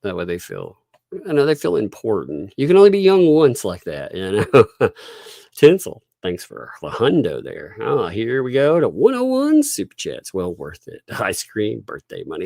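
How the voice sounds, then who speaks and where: A man's voice: on the low side, wildly swooping pitch, normal speed, gravelly, mellow, no room sound, studio quality. A middle-aged man hosting a casual livestream, chuckling often as he reads out and thanks donors. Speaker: livestream host. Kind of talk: casual livestream chat reading donations.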